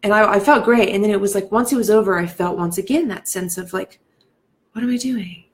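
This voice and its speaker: Reflective woman live-streaming from home. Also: fast talker. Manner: reflective and emotional, with frequent laughs and likes; greets viewers in a bright, high lift. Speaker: life coach and speaker. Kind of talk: casual live-stream talk to viewers. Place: at home in the evening.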